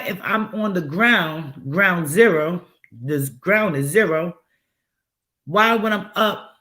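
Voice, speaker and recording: Man, casual livestream chat, rambling, musing, rhetorical questions, fairly high voice. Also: bright, forceful tone. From United States. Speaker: livestream host.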